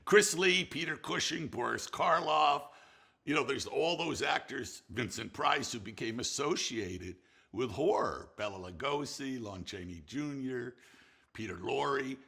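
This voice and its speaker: An older man, a film director, telling anecdotes in an animated, laughing way with many restarts. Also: medium pitch, creaky, breathy edge. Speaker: film director recalling a colleague. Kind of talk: anecdotal storytelling.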